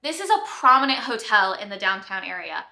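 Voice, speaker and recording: A young woman in her twenties telling a story to her vlog viewers, animated and chatty, full of "like" and quick rushes of excitement. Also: medium pitch. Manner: animated, breathless storytelling with lots of "like". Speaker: vlogger. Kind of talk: casual storytelling. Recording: echoey room.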